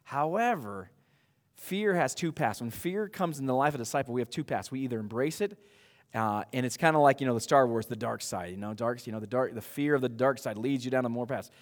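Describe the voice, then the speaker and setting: A man preaching a sermon to his church in a conversational, animated way, with frequent asides. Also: medium pitch, a little fast, long reverb tail. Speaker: pastor.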